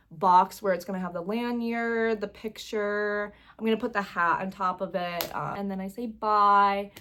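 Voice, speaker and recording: A woman's voice: mid-range voice, a bit bright. Young female vlogger, gushing, rambling storyteller, near tears at moments. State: close to tears at times. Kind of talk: casual vlog storytelling.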